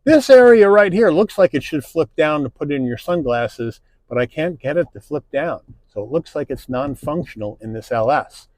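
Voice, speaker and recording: A man narrating a car review, calmly listing interior features one by one, recorded inside a car. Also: on the high side, normal speed, few pauses, no room sound. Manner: relaxed, plain-spoken, listing features one by one.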